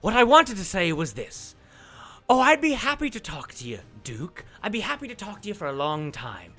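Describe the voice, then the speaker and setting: A man's voice: sits high, very animated, moderate pace, sharp tone, faint music behind, heavily acted. A man voicing a commanding woman pirate captain who is polite with a veiled threat. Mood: smoothly menacing.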